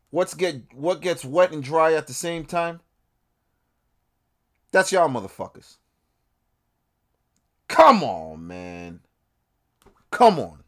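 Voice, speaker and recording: Profane, heated male podcaster. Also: fairly high pitch. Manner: profane, heated, swings between shouting and muttering. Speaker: independent podcast host. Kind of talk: podcast rant.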